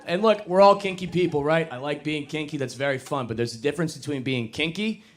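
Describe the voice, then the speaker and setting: A young man doing a stand-up comedy set on a club stage, self-mocking and animated, jumping into loud put-on voices. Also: fairly high pitch, fast talker.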